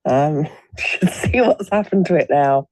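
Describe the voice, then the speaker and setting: A man putting on a giggly squeaky late guest. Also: animated, unhurried, darkish tone, dry recording. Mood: giddy.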